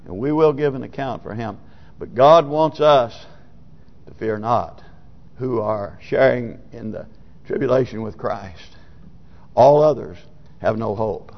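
A man preaching a sermon as pastor, moving between quiet, hushed passages and loud, emphatic declarations. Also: medium pitch. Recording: lo-fi sermon recording in a reverberant hall.

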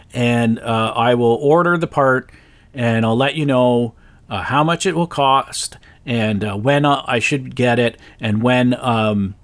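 Exasperated man telling a story. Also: medium pitch. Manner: exasperated, animated retelling with sharp jumps up when quoting himself. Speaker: podcast host. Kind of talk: casual storytelling monologue.

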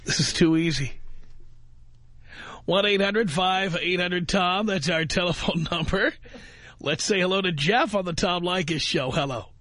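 A man hosting a radio call-in show, brash and mocking with quick comebacks. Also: high voice, pushed and bright, no echo. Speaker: radio talk show host. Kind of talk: talk radio call-in banter.

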